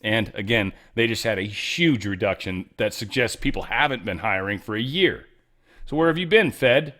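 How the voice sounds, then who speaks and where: Sarcastic, animated male commentary host. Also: lowish voice, moderate pace. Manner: animated, joking asides, sarcastic, frequent fillers and restarts. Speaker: political commentary show host. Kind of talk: casual opinionated commentary.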